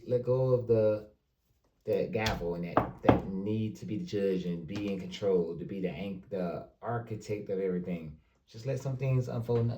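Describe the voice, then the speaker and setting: This tarot reader has a low, mellow voice and gives a relaxed reading aimed directly at his viewers, circling back over the same points often. Faint noise and a distant, roomy mic shape the sound.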